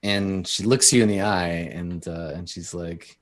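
A man's voice: low voice, measured pace. A man running a tabletop role-playing game as game master, narrating scenes with frequent ums and uhs.

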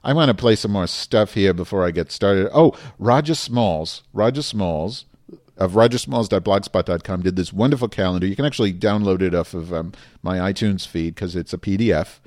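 A low male voice at normal speed, a little mellow, comes through studio-quality audio with no echo. The podcast host rants heatedly and profanely, then turns to easygoing chat about the show.

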